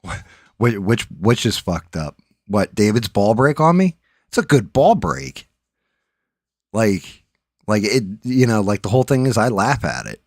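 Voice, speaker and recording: A man's voice: fairly low pitch, dry recording, clean studio sound. A middle-aged man hosting a live stream, talking casually in a rambling, profane, joking way. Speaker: livestream host.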